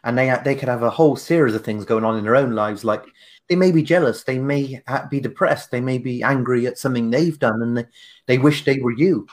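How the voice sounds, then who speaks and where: A man's voice: mid-range voice, brisk. A man hosting a podcast, chatting casually and reflectively about his own temper.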